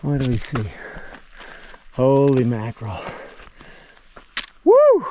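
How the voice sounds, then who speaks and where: A man hiking up a steep, high mountain trail, slightly out of breath and narrating with cheerful awe as he climbs. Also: unhurried, darkish tone. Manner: breathless, awed and cheerful, talking to himself on the climb. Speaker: trail runner vlogger. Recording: outdoor camera audio with clear background noise.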